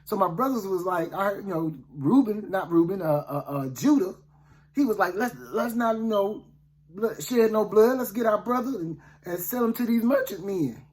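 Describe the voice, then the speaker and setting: A man's voice: high voice, animated, normal speed. A man, a preacher telling a Bible story casually in the first person, in a folksy, conversational way with many asides to the listener. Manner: folksy, conversational, often asks "you know what I'm saying".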